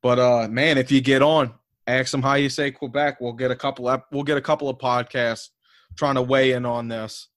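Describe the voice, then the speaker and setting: A Southern-accented man chats on a podcast, swearing and wandering through stories with constant fillers. His voice sits at an ordinary middle pitch. The sound is dry and close. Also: fairly even intonation, moderate pace, no room sound. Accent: American Southern. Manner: rambling, profane, filler-heavy storytelling with frequent laughs. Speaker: podcast host. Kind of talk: casual podcast chat.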